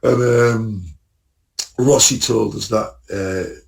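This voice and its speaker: Low-voiced rambling man. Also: steady tone, slow, vocal fry, distant mic. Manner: rambling, storytelling, laughs at his own jokes. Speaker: podcast co-host. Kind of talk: casual chat, travel anecdotes.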